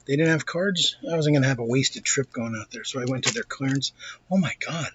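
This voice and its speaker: A man with a New York accent telling a profane, excitable story while showing off a shopping haul in a casual vlog. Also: medium pitch, a little fast, breathy edge, no echo, dull audio. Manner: blunt, profane, excitable, with asides and restarts.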